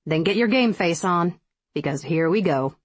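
A woman's voice: lowish voice, expressive, moderate pace, breathy edge, dry recording. A woman reading her own diet book aloud as a firm, emphatic, motivational audiobook narration.

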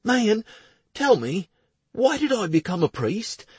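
A man reading an audiobook, voicing an excitable young male priest in a raised, eager, husky voice. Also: sits high, slow pace, dry recording, pitched above the performer's own voice, heavily acted. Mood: excited. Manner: excited, wondering.

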